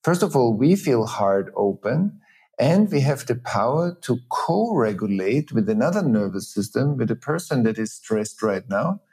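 A middle-aged man, a teacher and facilitator, explaining ideas earnestly in an interview with many pauses and restarts. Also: medium pitch, very animated, a little mellow, breathy edge. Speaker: teacher and trauma-healing facilitator, guest. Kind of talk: reflective interview talk.

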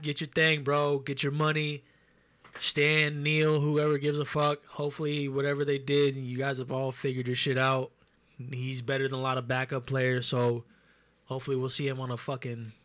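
A man hosts a laid-back podcast, talking sports in a loose, profane way. His voice is bright and forceful, sitting at an ordinary pitch for a man. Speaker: podcast host. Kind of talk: casual podcast chat.

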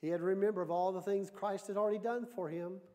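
A man preaching a sermon with a high, bright voice. He is lively and keeps turning questions back on the congregation, mixing stories with direct appeals. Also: quick pace. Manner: lively, asks the audience questions. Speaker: pastor.

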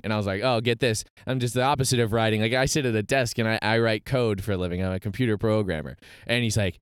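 A man's voice: mid-range voice, fairly quick, smooth, no room sound, clean studio sound. A young man telling a story in casual chat, laughing and acting out the people he quotes. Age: young adult.

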